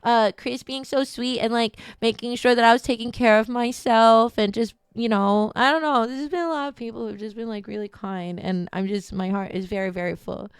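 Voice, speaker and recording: A woman's voice: fairly high pitch, fairly even intonation, normal speed, hardly any pauses, clear, resonant tone, no room sound. A woman streaming a charity event, chatting casually with her audience, rambling and emotional, close to tears. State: near tears. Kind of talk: casual chat.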